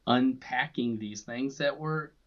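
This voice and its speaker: Slow, measured male podcast co-host. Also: mid-range voice, a bit bright, muffled recording. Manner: measured, reflective, with hesitant starts. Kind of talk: conversational interview.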